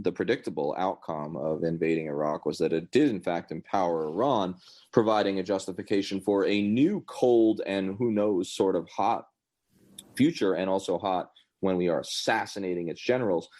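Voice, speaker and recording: Low-voiced guy on his podcast, opinionated and rambly, sarcastic asides. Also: steady tone, moderate pace, darkish tone. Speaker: podcast host. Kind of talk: casual political commentary.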